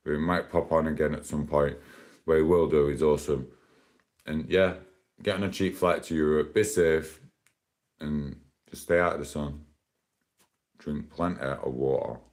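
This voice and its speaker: Very deep-voiced chatty man. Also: a little mellow. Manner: rambling, chatty, laughs often. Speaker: livestreamer. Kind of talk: casual live stream chat.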